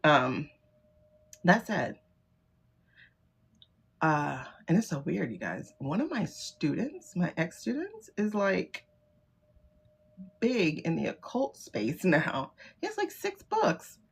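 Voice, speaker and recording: A woman's voice: on the low side, wildly swooping pitch, slow, vocal fry, long pauses, slightly rough. A middle-aged woman hosting a tarot livestream, talking casually and bluntly, swearing and laughing often. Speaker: livestream host doing tarot readings.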